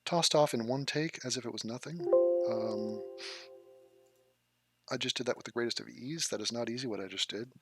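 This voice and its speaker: A man's voice: medium pitch, normal speed, long pauses, loud music behind the voice. A man giving a profane, sarcastic comedic rant while reacting to an advert, sounding exasperated and swearing freely.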